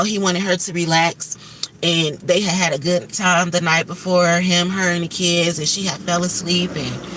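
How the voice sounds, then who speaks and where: A woman's voice: lowish voice, a bit bright, far from the mic, slight background noise. A woman hosting a livestream, talking candidly and emphatically about faith and stress and swearing freely. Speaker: livestream host.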